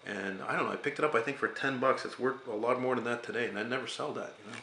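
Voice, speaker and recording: A man's voice: medium pitch, quick pace, noisy background. Rambling man in his forties. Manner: rambling, hesitant, swears casually. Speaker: artist and channel host. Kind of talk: casual vlog talk.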